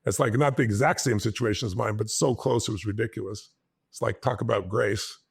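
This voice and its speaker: A middle-aged man telling a personal story to an audience in an animated way, acting out what people said. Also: brisk, gravelly, slightly rough. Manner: animated storytelling, acts out dialogue with pitch jumps.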